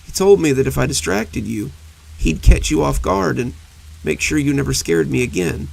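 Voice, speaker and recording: A man voicing a timid monster hiding under a bed, frightened, pleading and quick to bluster, with a creaky, husky voice. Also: medium pitch, expressive, full character voice, poor audio. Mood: apologetic.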